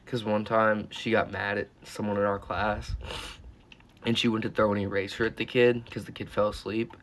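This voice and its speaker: A man's voice: fairly low pitch, level tone, moderate pace, a bit bright. A teenage boy telling a storytime vlog as a YouTuber, rambling and swearing, with lots of "like" and "uh.". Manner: rambling, profane, full of "like" and "uh".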